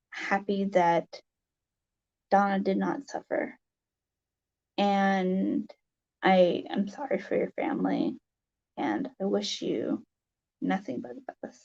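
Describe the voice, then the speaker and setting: A woman talks slowly to her livestream viewers, her voice gravelly and close to tears. She stumbles and restarts, full of "um" and "you know." The webcam audio sounds dull and lo-fi. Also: mid-range voice, darkish tone. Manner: emotional, tearful, halting with many fillers. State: teary, sniffling. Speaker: livestream host. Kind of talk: casual livestream chat to viewers. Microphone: webcam mic.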